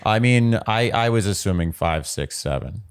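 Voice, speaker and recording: A man's voice: lowish voice, expressive, moderate pace, smooth. A man co-hosting a podcast, joking wryly and exaggerating playfully in casual chat about a TV episode. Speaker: podcast co-host. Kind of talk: casual chat recapping a TV show.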